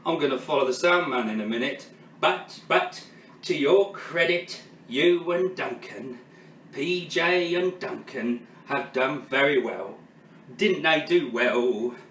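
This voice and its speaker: A man's voice: mid-range voice, slow, a bit bright, reverberant, recorded from a distance, slight background noise. A man impersonating a cheeky 87-year-old showbiz host. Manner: quipping, teasing, showbiz patter. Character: veteran male game-show host, 87, cheeky and showy. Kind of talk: comedy sketch impression.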